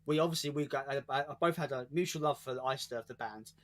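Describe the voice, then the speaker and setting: A British-accented man co-hosts a stream, chatting casually in a mid-range voice at a quick pace. He swears freely, stumbles and repeats words, and laughs mid-story.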